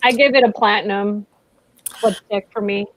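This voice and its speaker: A woman's voice: mid-range voice, steady tone, moderate pace, a bit bright, slight background noise, poor audio. A woman co-hosting a casual beauty review, easygoing and agreeable, often chiming in with short replies. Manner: easygoing, agreeable, backchannels a lot. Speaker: beauty channel co-host. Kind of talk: casual chat product review.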